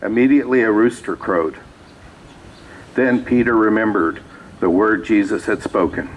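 Low-voiced man preaching casually. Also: a little slow, slight background noise, poor audio. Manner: conversational, reads scripture aloud with asides. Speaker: pastor. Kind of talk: sermon. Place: small church sanctuary.

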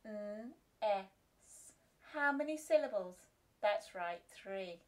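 A woman teaching phonics to small children, speaking very slowly and deliberately. She sounds out each letter and syllable with clear, patient emphasis at a mid pitch. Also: lively intonation, a little mellow. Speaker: reception class teacher. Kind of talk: phonics lesson for young children.

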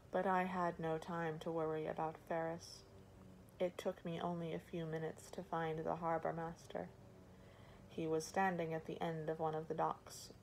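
A woman's voice: lowish voice, vocal fry, a little mellow, a little hiss or hum, rough recording. A woman reading a first-person novel aloud as audiobook narration. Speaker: audiobook reader.

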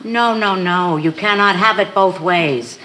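An actress playing a fussy, meddling older mother in a 1970s sitcom, chatty and quick to take offense. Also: on the low side, sharp tone, a little hiss or hum, poor audio. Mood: hurt. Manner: chatty, needling, quick to feel hurt. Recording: TV studio with audience laughter.

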